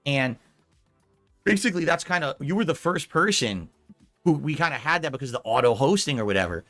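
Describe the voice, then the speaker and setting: A man hosting a podcast who talks in an apologetic, rambling way. His voice is bright and tense. Faint music plays behind him. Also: on the high side, animated, fairly quick. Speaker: podcast host. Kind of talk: casual conversation.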